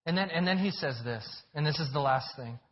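A man's voice: a little high, lively intonation, brisk. A man preaching a sermon, earnest and emphatic, often repeating his words and phrases. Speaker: pastor. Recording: dull, lo-fi recording.

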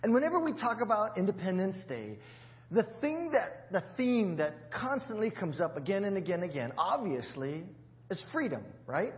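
A man's voice: high-pitched, very animated, normal speed, highs cut off. A man preaching a sermon in a church, in a chatty, joking way with many restarts. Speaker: pastor.

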